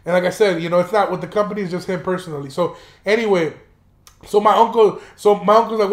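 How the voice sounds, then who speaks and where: Young male podcast host, high-pitched, loose and profane storyteller, roomy echo. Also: steady tone, fast. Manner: profane, rambling, laughs while telling. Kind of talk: casual storytelling monologue.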